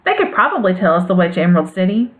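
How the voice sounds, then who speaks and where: A woman's voice: lowish voice, big pitch swings, rapid-fire. A woman reading a storybook, voicing an earnest, hopeful young girl. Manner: earnest, asking. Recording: phone-like narrow band sound.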